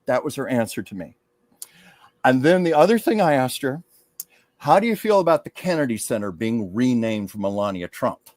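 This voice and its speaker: A psychic medium hosting a show talks about a channeled message in a medium-pitched, somewhat mellow voice with big pitch swings. He's earnest, casual, and heartfelt, slowing down to read aloud, and the recording has no echo.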